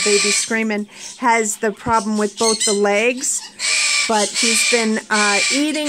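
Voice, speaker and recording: A woman with a high voice and an unhurried pace talks casually about her pet birds at home. She chats to the camera and coos and scolds the birds in baby talk. Loud parrot squawks fill the background. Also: very noisy. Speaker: pet bird owner and vlogger. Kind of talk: casual chat to camera and pets. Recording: loud bird screeches behind. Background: loud parrot squawks and screaming.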